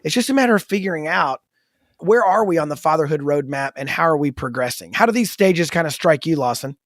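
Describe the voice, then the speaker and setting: Animated man telling stories. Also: a little high, brisk, no room sound, studio quality. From United States. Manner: animated storyteller, talks through stories. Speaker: podcast co-host. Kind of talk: casual faith-based podcast chat.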